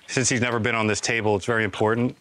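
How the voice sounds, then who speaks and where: A man who trains dogs, calmly explaining each step as he works with a young dog. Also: lowish voice, very fast.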